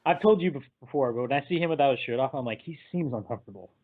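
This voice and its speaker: A man recapping a film in casual chat, animated and laughing, sometimes acting out the characters. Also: medium pitch, racing, slight background noise. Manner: animated, acts out characters in quotes, laughs often. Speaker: podcast co-host. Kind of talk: casual movie discussion. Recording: tinny phone-like line.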